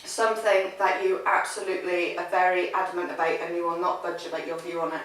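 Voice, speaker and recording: A bright, chatty woman from Wales hosts a relaxed interview, laughing easily between questions. She sits back from the mic in a very echoey room with a faint hiss behind her. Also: on the low side, fast, distant mic. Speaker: interview host. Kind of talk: casual interview chat.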